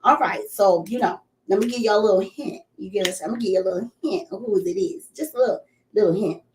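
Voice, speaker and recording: A woman's voice: mid-range voice, fast, a little mellow, slight background noise. A woman with a Philadelphia accent hosting a playful, casual interview, bubbly and teasing. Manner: bubbly and teasing, lots of slang. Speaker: interview host.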